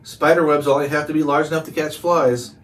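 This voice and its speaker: A man's voice: fairly high pitch, level tone, a little fast, a bit bright, close to an everyday voice. Sly unbothered cat, dry and smug, kinda far from the mic with a bit of hiss, a guy reading it. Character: sly, unflappable talking male cat. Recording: distant mic, faint hiss.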